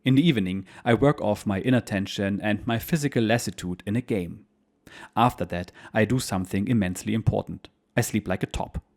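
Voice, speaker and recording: Measured male memoir narrator, lowish voice. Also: creaky. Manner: steady, measured reading. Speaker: narrator and channel host. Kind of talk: reading a war memoir aloud.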